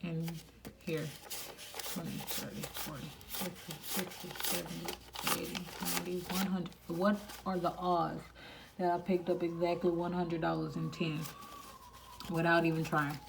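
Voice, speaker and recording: A woman hosting a budgeting vlog, quietly counting cash aloud and chatting casually to viewers between counts. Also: lowish voice, little pitch movement, unhurried, gravelly. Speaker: budgeting channel host. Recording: noisy home recording.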